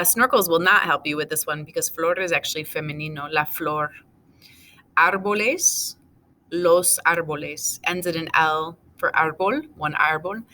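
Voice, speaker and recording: Bright-voiced woman teaching a recorded class. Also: deep voice, slight background noise. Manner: methodical, going over answers item by item. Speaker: Spanish teacher.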